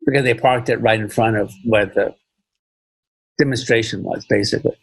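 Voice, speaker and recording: A man's voice: lowish voice, steady tone, moderate pace, creaky, husky, no echo, poor audio. A man talking as a film director in a casual podcast interview, rambling and repeating phrases with many "you know"s.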